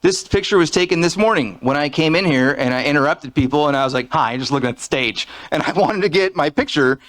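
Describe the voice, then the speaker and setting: A man's voice: a little high, fast, a bit bright. A man giving a casual, joking talk from behind a podium on a conference stage, speaking into a fixed podium microphone.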